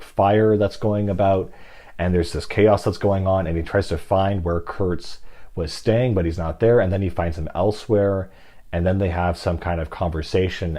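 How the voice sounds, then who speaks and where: A man's voice: deep voice, warm tone. A man casually discussing a classic novel in a rambling, reflective way, with many fillers and restarts. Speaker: book discussion host.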